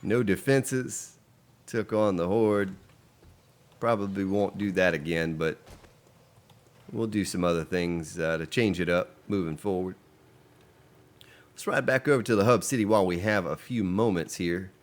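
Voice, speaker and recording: A man's voice: low voice, unhurried, long pauses. A man casually commenting on his game during a live stream, chatting with viewers as he plays. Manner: relaxed and chatty, reading out and answering viewer chat.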